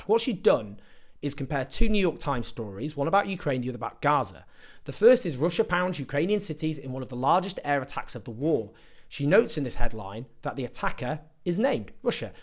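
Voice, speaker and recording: A man from Britain delivering a sarcastic, indignant political opinion monologue to camera, full of rhetorical questions. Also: a little high. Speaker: political commentator.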